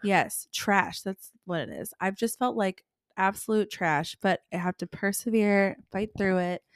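A young woman co-hosting a casual chat podcast, telling a story with lively acted-out reactions. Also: medium pitch, unhurried, no room sound, studio quality. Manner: animated storytelling, acts out her own reactions. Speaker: podcast co-host.

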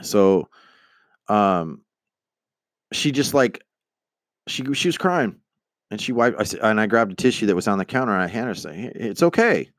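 Low-voiced man telling a story. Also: normal speed, long pauses, no echo, studio quality. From United States. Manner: rambling, animated, acts out quoted voices; swears casually. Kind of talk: casual spoken anecdote.

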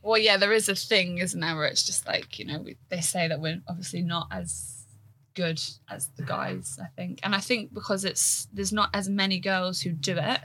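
Giggly young woman, bright tone. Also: lowish voice, steady tone. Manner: giggly, fast, chatty with many fillers. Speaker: podcast guest, wrestler. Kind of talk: casual chat.

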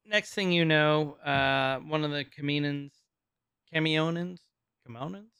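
A man's voice: a little high, measured pace, fairly bright tone, clear, resonant tone, no echo, studio quality. A man co-hosting a casual podcast, recapping an episode, laughing often and stumbling over names. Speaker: podcast co-host.

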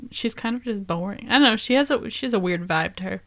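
A woman's voice: mid-range voice, fast. A young woman in a casual film discussion, wry and offhand, dropping laughing asides.

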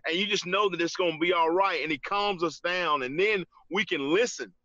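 A man, telling his story in an interview, halting, with many restarts, often saying "man". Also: sits high, sharp tone, dry recording, dull audio. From Georgia, US. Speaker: interview guest. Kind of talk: casual testimony in an interview.

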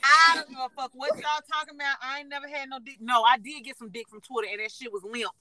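A woman's voice: sits high, steady tone, quick pace, crowd noise, poor audio. A young woman, chatting frankly and profanely as a podcast co-host, often laughing as she tells stories. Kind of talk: casual chat.

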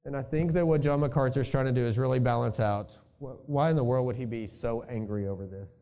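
A man's voice: mid-range voice, quick pace, warm tone. A male pastor preaching a sermon in a conversational way, thinking aloud and adding asides to his congregation.

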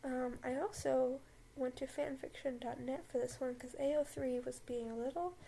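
A woman's voice: high voice, steady tone, normal speed, gravelly, warm tone, slight background noise, rough recording. A young woman hosting a casual podcast, rambling with lots of fillers and giggles, then reading a story aloud at home. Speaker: podcast host. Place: home room with a dog.

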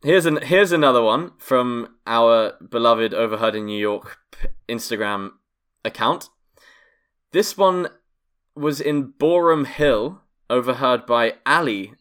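A mid-pitched English man co-hosting a podcast in easy, casual chat. He reads out quotes with a wry, deadpan touch. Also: a little slow. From England. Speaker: podcast co-host.

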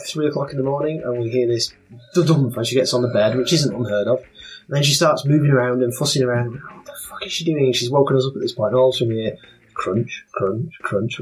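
A man's voice: medium pitch, quick pace, low-quality recording. Man telling stories. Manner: animated storyteller. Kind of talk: casual chat.

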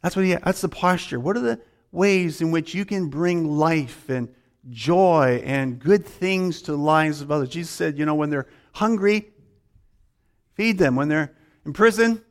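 A man preaching a sermon as a pastor, telling a story and acting out its dialogue with swings in pitch and pace. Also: unhurried.

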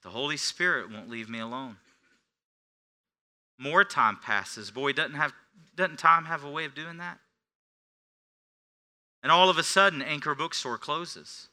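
Middle-aged guy preaching, really bright sharp voice, goes soft then loud. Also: fairly high pitch, measured pace, pauses often. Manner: swings from hushed confession to loud preaching. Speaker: pastor. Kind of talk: sermon.

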